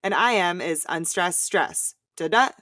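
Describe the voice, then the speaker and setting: A woman hosting a poetry lesson, explaining clearly and chanting the rhythm of verse in an upbeat way. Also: fairly low pitch, expressive, normal speed, a bit bright, no room sound, studio quality. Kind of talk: scripted educational explanation.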